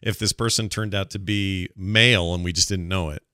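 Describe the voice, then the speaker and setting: A man's voice: sits low, fairly even intonation, normal speed, pushed and bright, smooth, no echo, clean studio sound. A man co-hosting a comedy advice podcast, chatting casually and reading listener mail. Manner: laid-back, chuckling, reads listener mail. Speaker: podcast co-host.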